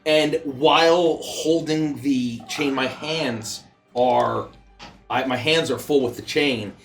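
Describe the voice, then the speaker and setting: A man playing a tabletop game, excitable and describing his character's attacks. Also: mid-range voice, slow, creaky, soft background music. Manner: excitable, shouts and laughs. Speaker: player.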